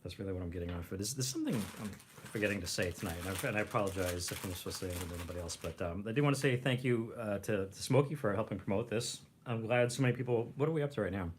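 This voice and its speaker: A man hosting a casual livestream, rambling, clearing his throat and chewing as he talks. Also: fairly low pitch, racing, a little hiss or hum. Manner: rambling, clears throat, chews while talking. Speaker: livestream host reviewing rations.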